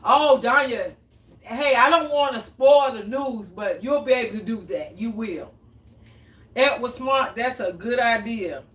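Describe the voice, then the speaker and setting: A woman's voice: on the high side, a little slow, a bit bright. A woman hosting a cooking livestream in a home kitchen, chatting casually and answering viewers' comments. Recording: echoey room, mic at a distance.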